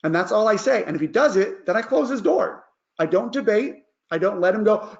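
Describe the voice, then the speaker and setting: High, gravelly man coaching parents. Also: a little fast, lo-fi sound. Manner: casual, keeps checking in with "all right?". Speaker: life coach and teacher. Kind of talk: parenting advice lesson.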